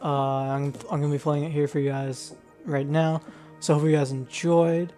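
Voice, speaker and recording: A man's voice: on the high side, little pitch movement, moderate pace, warm tone, soft background music. Rambling young man with a raised voice. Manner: rambling, laughing, full of fillers. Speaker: gaming channel host. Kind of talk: casual gaming commentary.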